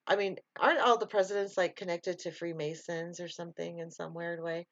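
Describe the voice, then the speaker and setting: Woman, live-stream host, casual chat, laughs a lot, lowish voice, dry muffled sound. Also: level tone, brisk, no echo. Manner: chatty, laughs often, reads and answers viewer comments.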